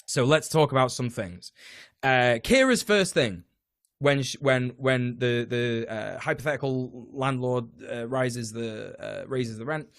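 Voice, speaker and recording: A man's voice: mid-range voice, measured pace, creaky, dry recording. Chatty British man, dry sound. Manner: rambling, many fillers and restarts, swears. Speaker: podcast guest, tenants union organizer. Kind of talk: casual political chat.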